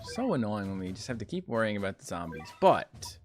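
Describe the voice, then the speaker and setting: A young man giving casual gameplay commentary to his viewers, chatty and animated, ranting playfully as he plays. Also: on the low side, a little fast, soft background music. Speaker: gaming YouTuber.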